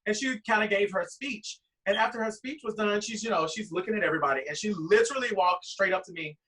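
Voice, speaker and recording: Bright high-voiced man telling a story. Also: fast, far from the mic, low-quality recording. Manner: rambling anecdote with quoted voices. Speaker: guest drag performer. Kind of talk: animated storytelling.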